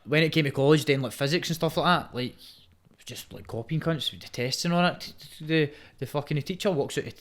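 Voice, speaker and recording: A man's voice: a little high, a little fast. A young man with a Scottish accent, chatting as a podcast guest, swearing a lot, emphatic, and ending nearly every sentence with "mate". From Scotland. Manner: says mate constantly, swears heavily, emphatic. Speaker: guest, Muay Thai fighter. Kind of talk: casual podcast chat.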